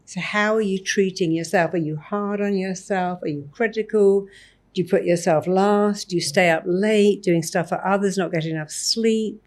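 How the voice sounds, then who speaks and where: A woman's voice: medium pitch, moderate pace. A woman guest in an interview, talking emphatically and acting out little examples as she explains. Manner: emphatic, animated, acts out examples. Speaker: therapist guest. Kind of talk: interview conversation.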